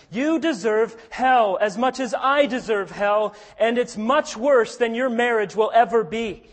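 High-voiced, earnest male preacher. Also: expressive, a little slow, few pauses, long reverb tail. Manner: earnest, swings between hushed storytelling and forceful emphasis. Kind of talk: sermon.

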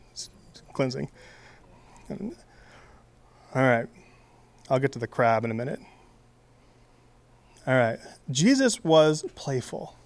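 A man's voice: mid-range voice, dry recording. A man giving a casual, conversational sermon in a playful way, full of asides and fillers. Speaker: preacher.

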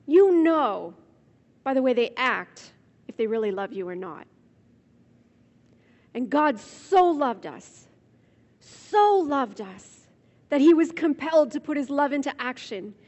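Slow-preaching woman in a reverberant hall. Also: high voice, darkish tone. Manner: slow, measured preaching with drawn-out emphasis. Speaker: speaker. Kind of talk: sermon. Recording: dull sound with long hall reverb.

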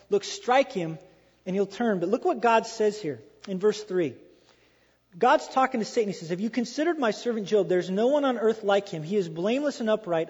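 A man preaching a sermon in a lively, animated way, acting out quoted voices and repeating phrases for emphasis. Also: high-pitched. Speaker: pastor. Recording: dull lo-fi sound with long hall reverb.

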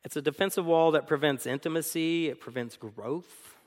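A man preaching a sermon as co-pastor, animated, acting out arguments and laughing often. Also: on the high side, moderate pace, in a large hall.

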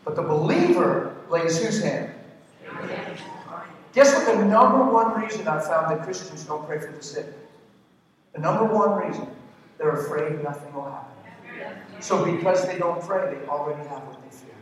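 A man's voice: fairly high pitch, normal speed, long pauses. Male preacher, emphatic, quizzes the congregation, far from the mic, long hall reverb. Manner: emphatic, questioning the crowd, joking asides. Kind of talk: sermon. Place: large church hall.

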